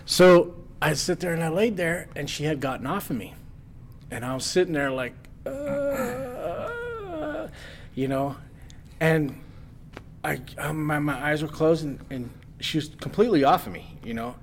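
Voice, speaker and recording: Rowdy storyteller man, a touch high. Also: a little slow, slight background noise. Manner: animated, swearing, acts out voices of others in his story. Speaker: podcast guest. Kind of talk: casual storytelling.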